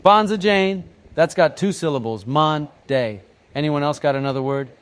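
A man's voice: mid-range voice, fast, a little mellow, clear, resonant tone, close to an everyday voice. A man voicing an upbeat female schoolteacher quizzing her class in a told joke. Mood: encouraging. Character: cheery female schoolteacher, trying to keep her cool.

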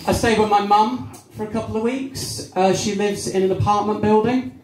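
Here a young man from Devon, England, works a small cafe-bar crowd with stand-up, bantering and impersonating voices. His high voice stays steady in tone at a normal speed, recorded in a roomy venue with faint crowd sounds.

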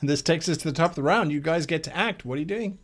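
A man running a tabletop role-playing game as game master, narrating the action in a relaxed way and laughing often. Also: a little high, fast.

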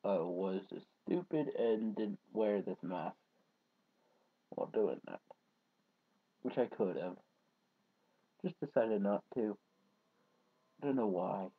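A man rambling casually to his viewers in a vlog, trailing off into low mumbles and then bursting into loud rants. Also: expressive, slow, long pauses, slightly rough. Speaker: vlogger. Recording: dull lo-fi home recording.

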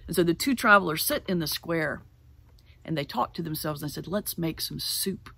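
A middle-aged woman pastor giving a sermon, telling a folk tale in an animated way and slowing down to stress key words. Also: sits low, gravelly, slightly rough. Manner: animated storyteller, slows for emphasis. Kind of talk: sermon with storytelling. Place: church sanctuary.

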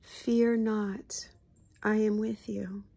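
A woman voicing a gentle, somber channeled spirit collective in a whispered role-play, speaking in a slow, solemn, loving way. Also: medium pitch, little pitch movement, gravelly, husky, heavily acted.

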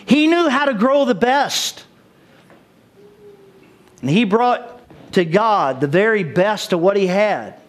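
A man preaching a sermon with lively, animated delivery, now and then chuckling at his own jokes. His voice sits notably high for a man. He speaks as a pastor addressing his congregation.

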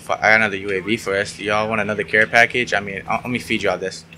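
A man's voice: lowish voice, flat delivery, racing, pushed and bright, slight background noise. A young man commentating his online shooter match, sarcastic and swearing, yelping when things go wrong. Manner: sarcastic, swears often, yelps when frustrated. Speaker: gaming YouTuber. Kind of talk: casual gameplay commentary.

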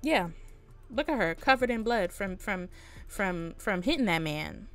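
A woman hosting a casual let's-play, chatting to viewers in an animated, exclaiming way with frequent laughs and slang. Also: a little high, normal speed, soft background music. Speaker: gaming channel host.

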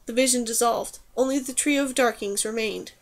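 A woman narrating a fantasy novel aloud as an audiobook reader, with steady, even storytelling. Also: a little high, moderate pace. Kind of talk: scripted narration.

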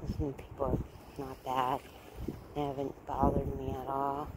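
A woman's voice: rumbling low, monotone, a little slow, noisy background. A woman chatting casually in a rambling, repetitive way while walking her dog and cooking, now and then baby-talking to the dog. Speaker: vlogger.

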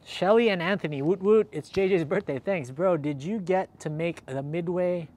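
A man's voice: sits high, normal speed, a little mellow. A man hosting a casual livestream, upbeat and chatty, thanking viewers by name, a little out of breath. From Southern California. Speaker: livestream host. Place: outdoors in cold weather.

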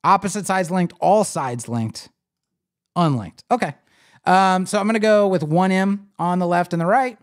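A man's voice: sits high, normal speed. A man hosting a live web design stream, casually explaining as he clicks through a site builder and talking to viewers. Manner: casual, animated, talks to viewers while clicking. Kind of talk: live screen-share tutorial.

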